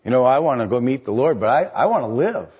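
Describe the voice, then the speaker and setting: An older man preaching a sermon, building to high, emphatic passages on scripture. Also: big pitch swings, fast talker, darkish tone, breathy edge, highs cut off.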